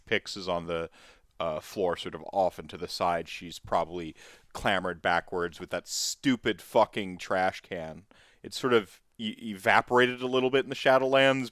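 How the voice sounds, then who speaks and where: A man narrating as game master for a tabletop game, halting with many fillers. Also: sits low, a bit bright, no room sound, clean studio sound. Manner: halting, full of fillers and restarts.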